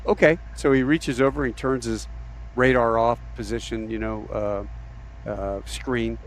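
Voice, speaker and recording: A man hosting a podcast, telling an aviation story in a casual, animated way and acting out the quotes. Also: medium pitch, unhurried. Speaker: podcast host.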